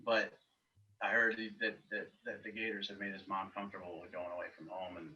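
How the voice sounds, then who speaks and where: A man from the Northeast talks recruiting as a podcast guest, blunt and sure of his picks. His voice is bright and a little low. The audio is muffled and distant, with a faint hiss behind it. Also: flat delivery, brisk. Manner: blunt, confident opinions. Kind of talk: casual podcast chat.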